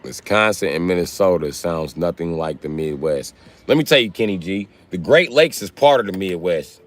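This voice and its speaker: A young man from the Chicago area chats casually with viewers on a phone livestream, his low voice expressive and at normal speed. He rambles and swears, using streetwise slang.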